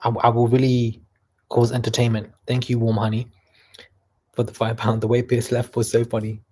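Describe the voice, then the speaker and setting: Husky young man chatting on a livestream. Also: mid-range voice, monotone, moderate pace, darkish tone. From Canada. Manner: chatty and mocking, reads comments aloud. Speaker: livestream host reading chat. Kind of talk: casual livestream chat.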